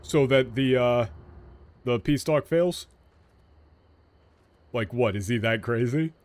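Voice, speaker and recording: A man's voice: mid-range voice, slow, a little mellow. A male game streamer giving casual let's-play commentary, analytically picking apart a translation word by word and swearing now and then.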